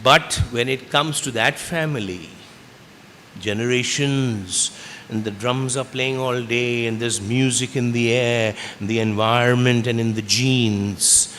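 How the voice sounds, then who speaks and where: A man with a medium-pitched, fairly bright voice speaks a little slowly as chief guest at a school event, giving students a motivational speech and often quizzing them with questions. The school auditorium sounds echoey, with faint ambience and slight background noise.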